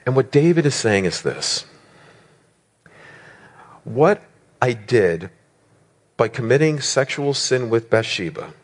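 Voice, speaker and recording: Emphatic male preacher with rhetorical questions. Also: medium pitch. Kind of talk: sermon.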